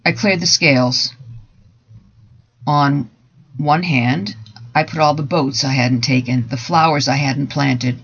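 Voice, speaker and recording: Heard through dull lo-fi audio, a man with a medium-pitched, gravelly, slightly rough voice performs a dramatic first-person story. He reads deliberately and in a measured way, sometimes falling to softer, hushed passages.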